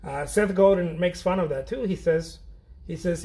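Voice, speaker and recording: A middle-aged man with a gravelly, slightly husky voice, sitting a touch high for a man. He rambles casually while he paints, laughing at his own jokes and losing his thread. His talk is loose and self-deprecating. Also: lively intonation, a little slow, a little mellow. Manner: chatty, self-deprecating, laughs often, trails off and restarts. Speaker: painter streaming an art chat.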